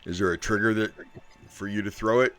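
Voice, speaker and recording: A man running a tabletop game as game master, briskly calling on each player in turn. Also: on the low side, steady tone, fairly bright tone.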